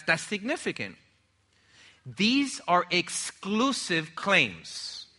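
A young male preacher delivering a sermon with a strikingly bright, cutting voice, pitched slightly high for a man. He speaks emphatically and keeps drawing the congregation in with call-and-response questions. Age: young adult.

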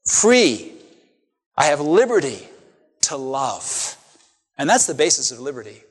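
A man's voice: mid-range voice, big pitch swings, normal speed, in a large hall. A male pastor preaching a sermon to his congregation, emphatic, with rhetorical questions and repeated phrases. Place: church sanctuary.

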